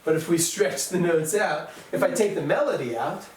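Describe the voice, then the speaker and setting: Sounding out rhythms and counting beats aloud, a male music teacher works patiently with his students. His voice is a little high and darkish in tone, lively in intonation, at a moderate pace. The recording is distant and echoey, with faint noise.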